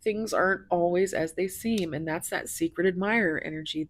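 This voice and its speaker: Woman tarot reader, low-pitched, husky and breathy, slow, gushy and teary, often whispering. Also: fairly even intonation, no echo. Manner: gushing, emotional, often drops into whispers. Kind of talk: tarot card reading to viewers.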